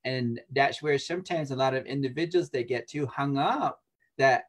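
A man talking in an easy, conversational way as a guest in an interview. His delivery is animated, with frequent laughter, and he acts out other people's voices when he quotes them. His pitch sits in the middle range. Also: moderate pace. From United States. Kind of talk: casual spiritual talk.

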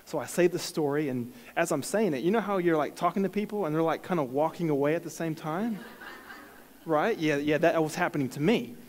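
A fairly high-voiced man tells a personal faith story to a congregation, stumbling over restarts and laughing at himself. His voice rings out with the long reverb of a large church hall. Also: a little fast. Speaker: church speaker sharing a testimony. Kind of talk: sermon-style personal story.

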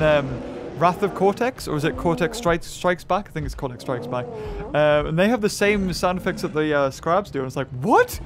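Male gamer, high-pitched, excitable play-by-play, game music behind. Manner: excitable, thinking aloud, bursts of high-pitched shouts. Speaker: gaming YouTuber. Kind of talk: game commentary.

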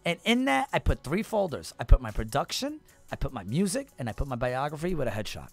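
A man in his thirties, a rapper guest, telling a long story in a lively, profane way and acting out the people in it. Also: medium pitch, fast, gravelly, soft background music. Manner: animated, profane, acts out voices in his story. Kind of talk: casual storytelling.

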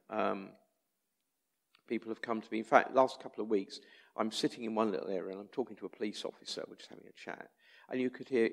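A man's voice: lowish voice, vocal fry. A man with an English accent, a street chaplain, telling personal stories in a conversational, anecdotal way during a church talk. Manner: conversational anecdotal storytelling, acts out quoted voices.

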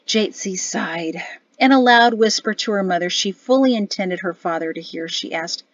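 A woman narrating a novel as an audiobook in an even storytelling delivery. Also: mid-range voice, normal speed, dry recording, dull audio. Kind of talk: scripted narration.

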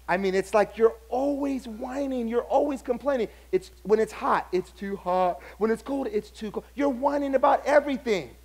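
High-voiced man preaching with animated impressions. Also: moderate pace, few pauses. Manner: animated storytelling, acts out other people's lines. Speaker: pastor. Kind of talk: sermon.

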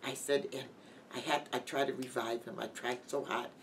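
Middle-aged woman guest, halting heartfelt testimony, mic set back with faint hiss. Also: very deep voice, fairly even intonation. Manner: halting, heartfelt, with many restarts. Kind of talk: emotional personal testimony. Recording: distant mic with light background noise.

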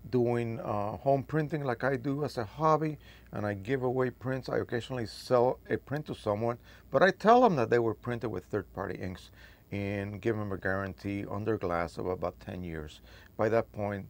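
A man with a low, gravelly voice reads an old post aloud on his printing channel. He stops often to add chatty, emphatic comments of his own, and a faint fry runs under his words. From Spain. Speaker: photo printing video host.

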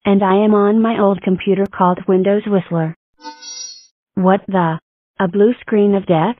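A woman's voice: mid-range voice, fairly even intonation, a little slow, natural voice. A woman's synthetic voice playing a confused computer user who reacts to an error screen. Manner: confused and defiant. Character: confused young computer user, male named Spectre. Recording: dry, phone-like tinny sound.

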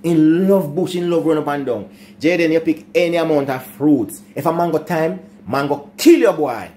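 A man's voice: on the high side, normal speed, mellow. An older man with a Jamaican accent telling childhood stories in a casual chat, laughing often and turning to talk to his grandsons. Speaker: storyteller. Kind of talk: casual storytelling chat in patois.

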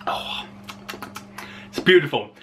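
A man's voice: slow, fairly bright tone, a little hiss or hum. A man vlogging a playful cooking demo in his home kitchen, filming on a handheld phone and narrating each step with jokes. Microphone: handheld phone camera.

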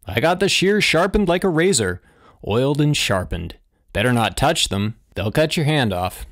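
A man's voice: fairly low pitch, expressive, moderate pace, a bit bright. A man voicing a cheerful, boisterous husband who is secretly an alien impostor, in an audiobook. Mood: hearty. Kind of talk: audiobook character voice.

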